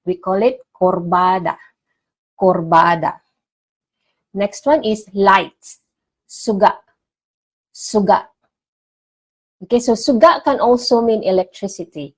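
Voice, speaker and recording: A woman teaching vocabulary in a casual online lesson, repeating each word clearly for learners. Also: medium pitch, takes it slowly, pauses often, rough recording. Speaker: language teacher.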